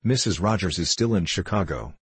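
A man reading a flat, curt clerical man. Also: low-pitched, a little fast, husky, no echo, full character voice. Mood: stiff. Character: thin, stiff, clerical man.

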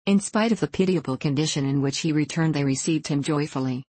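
Low-voiced woman reading a fairy tale. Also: a little fast, warm tone, slightly rough, dry recording. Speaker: narrator.

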